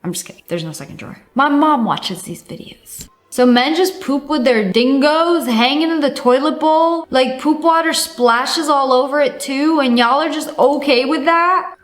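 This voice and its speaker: A woman's voice: high-pitched, moderate pace, few pauses. A woman hosting a reaction video, chatting casually, laughing and acting out exaggerated disgust. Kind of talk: casual commentary. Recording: roomy echo.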